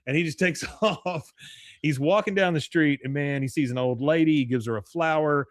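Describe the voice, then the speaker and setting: On a dry, studio-quality recording, a podcast host recaps a cartoon episode with plenty of energy, laughing as he quotes the characters. His voice sits at medium pitch with a fairly bright tone, and he talks at a moderate pace.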